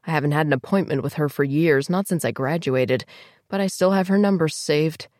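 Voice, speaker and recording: Female audiobook narrator, low voice, tense emotional first-person read, dry close mic. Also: fairly quick, darkish tone, dry recording.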